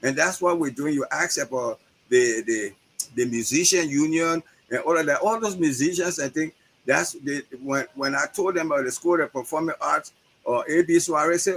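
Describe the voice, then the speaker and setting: Over poor-quality audio, a male guest educator with a Liberian English accent speaks animatedly in a conversational video-call interview, repeating words to build up his points. His voice is a little high and fairly bright with a breathy edge, at a normal speed.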